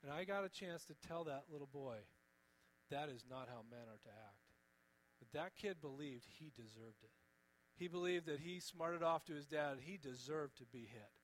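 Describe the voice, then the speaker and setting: A man preaching with a slightly higher voice, earnest and gentle. He pleads with his listeners and lets key words fall quiet. A faint mains hum sits under the recording. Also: normal speed, poor audio. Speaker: pastor. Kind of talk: sermon.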